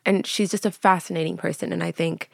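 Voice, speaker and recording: A woman's voice: lowish voice, steady tone, brisk, creaky, slightly rough, no room sound, studio quality. A woman in her thirties from Canada, a podcast guest who tells stories with animation, laughs often and acts out what people said. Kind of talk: casual interview chat.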